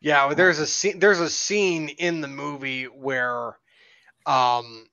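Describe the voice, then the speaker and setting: A man co-hosting a podcast in casual chat, telling stories in an animated way and laughing often. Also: on the high side, slow pace, creaky, no echo, muffled recording. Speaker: podcast co-host.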